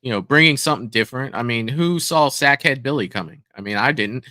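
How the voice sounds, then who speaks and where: A man's voice: mid-range voice, quick pace, bright, forceful tone, dry recording, studio quality. A man co-hosting a fan-film review show, speaking in an easygoing casual chat full of hedges. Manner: easygoing, hedging with "you know". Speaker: co-host reviewing fan films.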